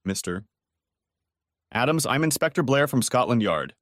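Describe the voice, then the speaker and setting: A man's voice: medium pitch, very animated, moderate pace, a bit bright, dry recording, clean studio sound. A man voicing a middle-aged police inspector who speaks in a formal, courteous way.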